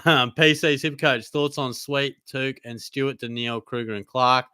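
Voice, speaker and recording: Bright, crisp Australian bloke. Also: male voice, medium pitch, fairly even intonation, moderate pace, dry recording, studio quality. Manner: casual, laid-back banter with frequent mates and fillers. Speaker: host. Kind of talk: live Q&A reading chat.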